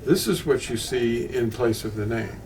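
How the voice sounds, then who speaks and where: An older man gives an unscripted Bible lesson in a medium-pitched, slightly mellow voice at moderate speed. He drifts along with asides and keeps restarting sentences, recorded from afar with faint ambient noise in the background.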